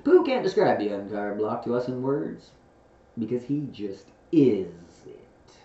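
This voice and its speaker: A man reading a book aloud with an expressive storytelling manner, recorded on a headset mic. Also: mid-range voice, a little slow. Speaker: reader. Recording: roomy, distant, dull lo-fi headset recording.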